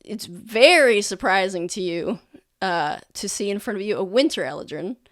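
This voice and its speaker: A woman's voice: mid-range voice, animated, moderate pace, fairly bright tone, no room sound, clean studio sound. A woman narrating a tabletop game as game master, loose and full of fillers.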